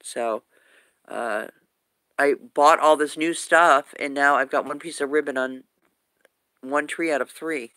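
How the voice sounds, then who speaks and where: A woman's voice: sits low, a little slow, long pauses, a bit bright, no room sound. A woman vlogger talking to her viewers in a casual, rambling livestream chat, speaking in an affectionate way.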